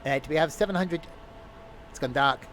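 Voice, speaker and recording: A man's voice: on the high side, moderate pace, fairly bright tone, a little hiss or hum. A man giving live gameplay commentary as a streamer, rambling and joking to himself as he plays. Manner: rambling, jokey talking to himself. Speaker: game streamer.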